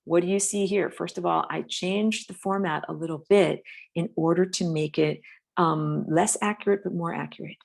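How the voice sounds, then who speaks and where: A woman with a low, slightly gravelly voice leads a relaxed drawing lesson from her home studio. She talks through the sketch loosely, with fillers and asides, recorded on a phone. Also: normal speed. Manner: casual, rambling instruction with many fillers. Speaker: art and spirituality teacher. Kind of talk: live-streamed drawing lesson. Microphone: phone camera.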